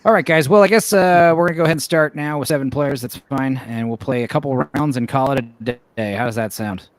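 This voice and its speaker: A man's voice: mid-range voice, quick pace, no room sound. A man hosting a casual podcast game night, talking loosely and laughing often. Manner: loose, rambling, laughs a lot. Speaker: podcast host. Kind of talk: casual chat while hosting a game stream.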